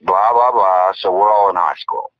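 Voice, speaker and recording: An older man telling a story in casual chat, animated, repeating himself and acting out quotes. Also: low voice, normal speed, no room sound, muffled recording.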